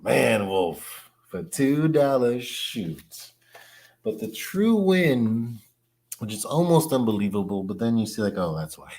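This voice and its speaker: A man chatting casually on a livestream as a comic collector, excitable, slangy and laughing often. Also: medium pitch, takes it slowly.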